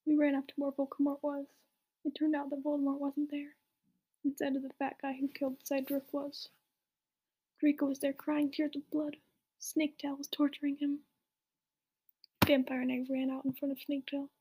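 A woman's voice: high-pitched, monotone, normal speed, pauses often, mellow. A young woman reading a fan story aloud in a whispery voice, with amused asides. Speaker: reader.

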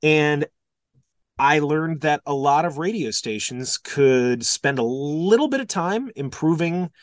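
A man from Wisconsin, a radio host and podcast guest, chatting casually in an animated, joking way. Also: fairly high pitch, takes it slowly, no room sound, clean studio sound. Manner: animated, joking, slips into silly voices.

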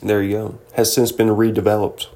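A man's voice: lowish voice, monotone, normal speed, mellow. A man hosting a casual solo show, rambling and joking as he reads through a list, now and then slipping into silly mock voices. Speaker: podcast host.

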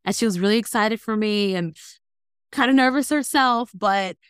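A woman in her thirties, a guest on an interview, telling her story in an animated, earnest way. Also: medium pitch, normal speed, clear, resonant tone, dry recording, clean studio sound. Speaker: guest, entrepreneur.

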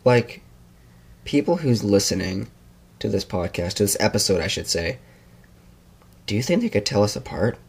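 Young male podcast host, low and husky, easygoing chat addressed to listeners. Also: very animated, moderate pace, long pauses. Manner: chatty, apologetic to listeners. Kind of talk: casual chat.

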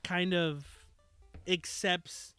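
High-voiced man hosting a podcast. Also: smooth, no echo, faint music behind. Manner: relaxed, drawn-out wrap-up talk with fillers. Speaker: podcast host. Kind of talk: casual podcast chat.

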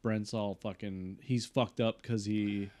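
A man's voice: on the low side, fairly even intonation, slow pace, a little mellow. A young adult man co-hosting a podcast, talking in a laid-back, profane casual way. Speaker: podcast co-host. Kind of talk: casual chat.

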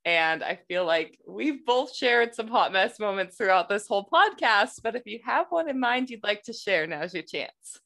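A woman's voice: mid-range voice, lively intonation, moderate pace, gravelly, hardly any pauses, a bit bright. A woman hosting a podcast, thanking her guest and leading into a closing segment in an encouraging way. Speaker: podcast host. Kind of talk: casual podcast conversation.

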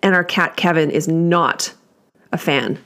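A woman's voice: sits low, measured pace, a bit bright. A middle-aged woman hosting a casual solo podcast from home, chatty and self-deprecating, laughing often as she talks. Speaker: podcast host.

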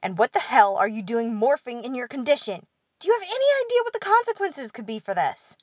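A woman's voice: medium pitch, very animated, normal speed, no echo. A woman voicing a small, hot-tempered male pixie who scolds and curses. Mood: furious. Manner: angry, scolding, cursing.

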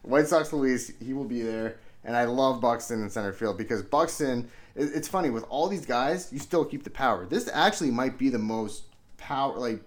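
A man co-hosting a casual sports podcast, thinking aloud in a relaxed way. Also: medium pitch, moderate pace. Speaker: podcast co-host.

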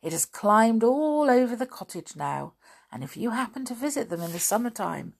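Expressive woman reading a storybook aloud. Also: on the high side, normal speed, vocal fry, slightly rough. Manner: expressive, gently emotive.

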